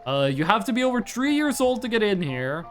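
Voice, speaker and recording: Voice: medium pitch, very animated, fairly quick, faint music behind. A streamer from Norway with an American-sounding accent, rambling chattily through casual game commentary with lots of likes. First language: Norwegian.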